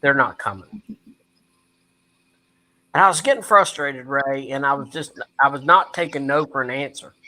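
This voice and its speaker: A man from West Virginia, a guest in an interview, telling a story in an earnest, animated way and speaking to the host by name. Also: medium pitch, fairly quick, few pauses, low-quality recording. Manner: animated, acts out quoted dialogue.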